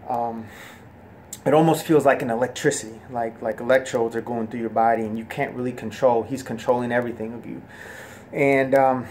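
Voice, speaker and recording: A man telling his personal religious testimony in an earnest, soft-spoken way, halting often with fillers and restarts. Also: mid-range voice, slight background noise.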